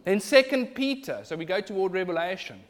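A man's voice: high-pitched, big pitch swings, a little fast. A man preaching a sermon, emphatic and building in intensity.

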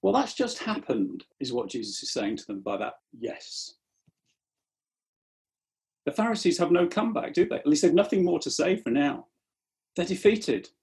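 A man's voice: a little high, creaky, warm tone. A man preaching a sermon in an earnest tone, often repeating the first words of a phrase as he starts it.

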